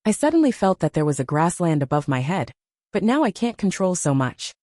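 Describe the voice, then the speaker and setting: A woman narrating a first-person audiobook story in a steady storytelling manner. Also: fairly low pitch, fairly quick, no echo, clean studio sound.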